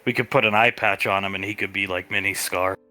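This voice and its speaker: A man's voice: deep voice, fairly even intonation, fast talker, pushed and bright, soft background music. A man playing a tabletop role-play in a playful way, describing scenes and throwing in jokes. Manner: playful, tosses in joke ideas and cat noises. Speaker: tabletop game player.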